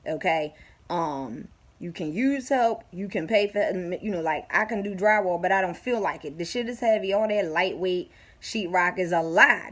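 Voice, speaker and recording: A woman's voice: lowish voice, normal speed. A woman telling a story in a casual vlog, blunt and profane, with lots of animation. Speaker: vlogger.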